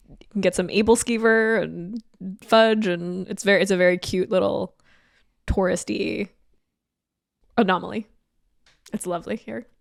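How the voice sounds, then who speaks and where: A woman's voice: medium pitch, no room sound, clean studio sound. A woman hosting a podcast, chatting casually in a playful, teasing way and laughing often. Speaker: podcast host. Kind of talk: casual chat.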